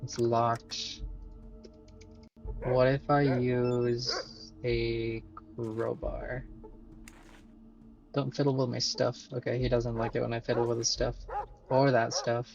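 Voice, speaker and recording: A man's voice: medium pitch, little pitch movement, slow, vocal fry, long pauses, lo-fi sound, over music. A man streaming a video game live, chatting casually and thinking aloud with fillers and the odd swear.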